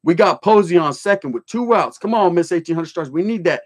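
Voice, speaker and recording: On a loose livestream, a middle-aged man from California reads out viewers' messages and launches into old stories, speaking expressively and a little fast. His voice sits a bit higher than typical for a man, and his storytelling is loaded with street slang and profanity.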